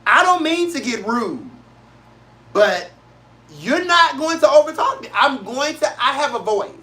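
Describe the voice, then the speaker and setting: A show host from St. Louis rants in a casual, blunt way, hammering his points with repetition. His voice is bright and forward, his delivery emphatic and profane. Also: extremely high pitch, big pitch swings, a little slow. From St. Louis, Missouri, USA. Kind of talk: casual solo talk-show rant.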